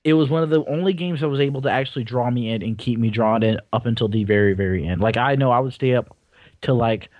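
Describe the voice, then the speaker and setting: A man's voice: medium pitch, fast talker, dry recording, lo-fi sound. A young adult man co-hosting a casual gaming podcast, jokey and enthusiastic, stretching words for emphasis. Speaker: podcast co-host.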